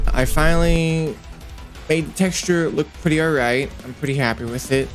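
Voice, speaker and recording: A man's voice: a little high, unhurried, music in the background. A man casually narrating his 3D work session, thinking aloud in a rambling, playful way with lots of fillers. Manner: easily excited, playful. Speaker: 3D animator and creator.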